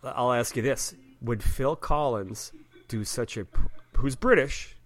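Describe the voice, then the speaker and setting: A man co-hosting a casual sports podcast, cracking deadpan jokes. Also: mid-range voice, unhurried. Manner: deadpan joking. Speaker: podcast co-host. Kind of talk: casual chat.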